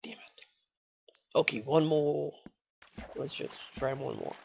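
A woman casually commenting while she plays, rambling, thanking viewers and coaxing in-game animals aloud, swearing in sudden excited outbursts. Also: low-pitched, slow pace, creaky, slight background noise. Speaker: gaming channel host.

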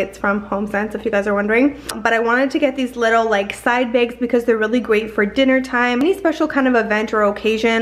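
A young woman from Canada chats excitedly through a fashion haul, her pitch sitting a little high. She gushes and strings her thoughts together with plenty of fillers, like talking to friends through a camera. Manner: gushing, chatty, lots of fillers. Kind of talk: casual haul vlog chat.

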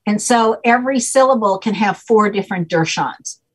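A woman with a husky, slightly breathy voice speaks at a mid pitch. She explains patiently and step by step, pausing to check that her listener is following. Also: rough recording. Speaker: guest, name expert. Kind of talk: explanatory podcast interview.

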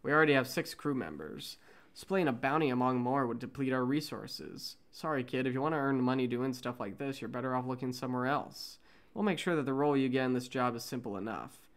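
A man's voice: mid-range voice, fairly quick, lightly acted. A man reading as a blunt ex-politician captain. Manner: blunt, matter-of-fact. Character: gruff male ex-politician ship captain.

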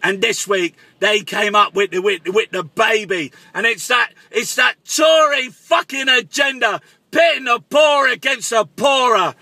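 A man delivers a shouty, excitable comic rant and stammers over repeated words. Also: very high voice, measured pace, few pauses, no echo.

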